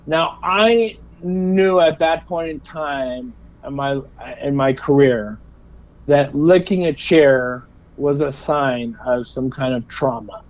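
A man's voice: mid-range voice, slow pace, low-quality recording. A middle-aged man telling stories in a casual interview, a special education teacher who often repeats his words and laughs as he talks. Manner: animated, laughing storyteller.

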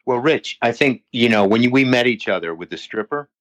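A man's voice: mid-range voice, lively intonation, a little fast, fairly bright tone, no echo. An older man, a fitness trainer, chatting as a guest in a rambling, jokey, profane way. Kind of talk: casual chat. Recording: slightly dull lo-fi sound.

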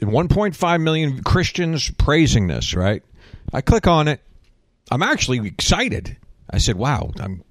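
Animated sarcastic male talk host. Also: lowish voice, no echo. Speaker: radio show host. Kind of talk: casual, mocking talk-show banter.

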